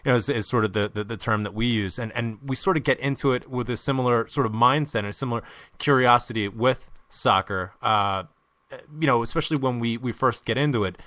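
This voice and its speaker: A man's voice: mid-range voice, fairly quick, sharp tone, no echo, clean studio sound. An American man hosting a podcast, casual and enthusiastic, with slangy talk and repeated words. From United States. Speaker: podcast host.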